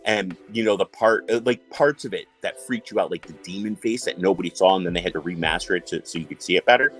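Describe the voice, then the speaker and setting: A man's voice: low voice, quick pace, a bit bright, soft background music, rough recording. A man from New York hosting a casual chat, telling stories animatedly, swearing and acting out quotes. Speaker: host.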